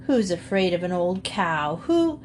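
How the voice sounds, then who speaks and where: A woman's voice: on the low side, sing-song, a little slow, a little hiss or hum. A woman voicing a cheeky, mischievous male cat with a mocking way of talking, in a storybook reading.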